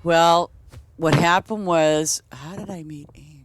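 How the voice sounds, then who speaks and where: A woman's voice: low voice, a little slow, faint music behind. A woman game streamer chatting casually and telling rambling stories, full of "you know" and restarts. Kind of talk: casual storytelling chat.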